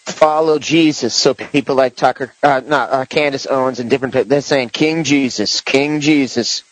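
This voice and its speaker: A man's voice: medium pitch, steady tone, fairly quick, dry recording, rough recording. A man hosting a podcast in casual political chat, rambling with many restarts and fillers. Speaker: podcast host.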